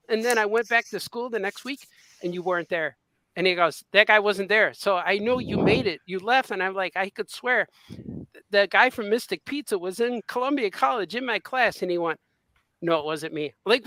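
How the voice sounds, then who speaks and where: A man's voice: high-pitched, a little fast, pushed and bright, no room sound. A man co-hosting a podcast, telling an anecdote in a casual chat and acting out the quotes. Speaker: podcast co-host.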